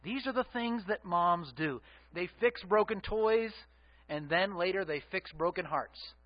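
A middle-aged male pastor preaching with a high voice. He keeps it conversational and asks the congregation to fill in the answers. The recording sounds dull and lo-fi. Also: animated, measured pace. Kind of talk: sermon.

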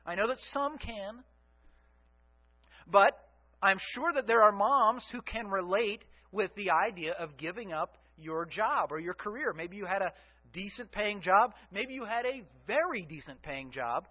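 A man's voice: high-pitched, animated, a little slow, lo-fi sound. A middle-aged man preaching a sermon in a conversational way, asking the congregation to call out answers. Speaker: pastor.

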